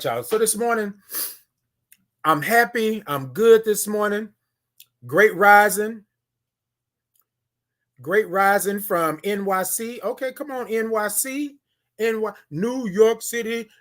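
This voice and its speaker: A man with a high voice hosts a casual morning livestream from his phone camera. He greets viewers one by one, repeats his phrases and stretches his good mornings into long sung calls. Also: fairly bright tone. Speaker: livestream host.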